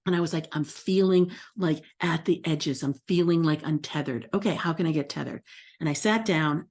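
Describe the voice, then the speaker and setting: A woman's voice: low voice, moderate pace, a little mellow, husky. A middle-aged woman astrology coach talking casually to her audience, acting out her own self-talk.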